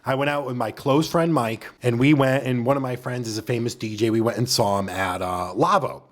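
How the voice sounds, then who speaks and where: A man co-hosting a podcast, telling a crude story in a casual, animated way, acting out the quotes. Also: mid-range voice, brisk. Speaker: podcast co-host.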